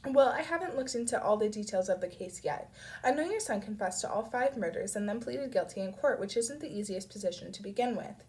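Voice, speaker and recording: A woman's voice: medium pitch, animated, brisk, darkish tone, lightly acted. A woman with a cold voicing a nervous, determined teenage girl investigator who hesitates and stammers. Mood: measured. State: has a cold.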